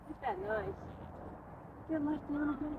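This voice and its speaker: A young woman chats to herself as she plays golf outdoors, cheering and coaching her own shots. Her voice sits a little high. Clear outdoor noise runs under her voice. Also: normal speed, narrow, tinny audio. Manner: chatty, talks to herself over shots. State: out of breath from running between shots. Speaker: golf vlogger. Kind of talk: casual self-narrated golf vlog. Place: outdoor golf course at dusk.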